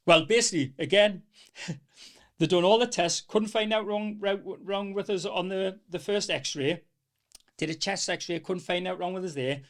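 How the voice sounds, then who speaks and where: A middle-aged man with a North East English accent, telling his story in a rambling, animated way as a podcast guest. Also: high-pitched, unhurried. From North East England. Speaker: small business owner, podcast guest. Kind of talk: casual storytelling interview.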